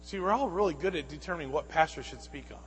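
A man preaching a sermon as pastor, swinging between loud bursts and hushed asides. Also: on the high side, fast, long reverb tail, slight background noise, low-quality recording.

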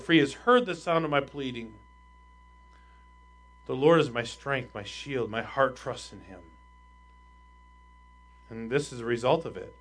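A man with a high voice preaching to his church. He reads scripture aloud and explains it, pressing harder as he reads the verses. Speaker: pastor. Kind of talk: sermon.

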